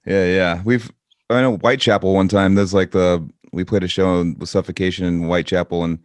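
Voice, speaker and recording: A man with a very low voice hosts a podcast and chats in a relaxed, offhand way. The sound is dry, with no room echo. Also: brisk. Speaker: podcast host. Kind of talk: casual chat.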